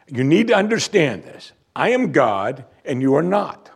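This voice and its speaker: A man's voice: on the high side, big pitch swings, measured pace, vocal fry, few pauses, husky. A male pastor preaching a sermon in a church, emphatic and full of rhetorical questions.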